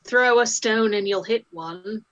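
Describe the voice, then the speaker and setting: A woman playing a tabletop role-playing game, with a deadpan delivery. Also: mid-range voice, measured pace. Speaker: player. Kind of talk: tabletop role-play banter. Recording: dull, lo-fi mic.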